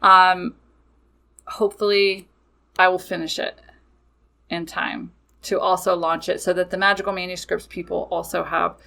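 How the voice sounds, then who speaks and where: A woman's voice: on the low side, little pitch movement, normal speed, vocal fry, long pauses, bright, forceful tone. A woman hosting a podcast in a casual monologue, talking in a blunt, matter-of-fact way, laughing and swearing freely. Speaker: podcast host and witchcraft business owner.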